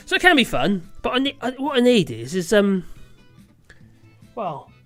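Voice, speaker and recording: A livestream host chats casually in a lively voice that swings widely in pitch. The host rambles from thought to thought, laughs often and swears offhandedly. The delivery is loose and unscripted. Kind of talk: casual live chat.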